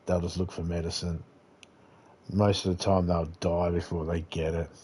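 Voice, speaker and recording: A man's voice: low voice, level tone, moderate pace, warm tone, breathy edge. A man with an Australian accent chatting casually as he livestreams a game, rambling and laid-back, swearing now and then. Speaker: gaming livestreamer. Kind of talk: casual gameplay commentary.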